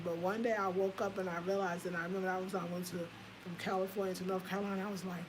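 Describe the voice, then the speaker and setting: A woman's voice: mid-range voice, moderate pace. Candid woman in her fifties, noisy recording. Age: 50s. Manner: candid, animated, breaks into laughter, swears casually. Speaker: home design vlogger. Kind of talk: casual personal storytelling.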